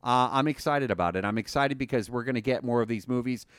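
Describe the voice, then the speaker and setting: Excited rambling male podcast host. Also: mid-range voice, fast talker, clean tone, no room sound, clean studio sound. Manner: rambling, excited, many fillers and restarts. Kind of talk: casual podcast chat.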